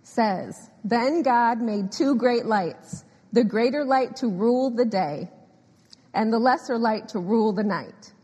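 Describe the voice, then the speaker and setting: Woman preacher, higher voice, husky, emphatic and animated, long hall reverb. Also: slow pace. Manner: animated, emphatic, laughs often, repeats phrases. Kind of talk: sermon.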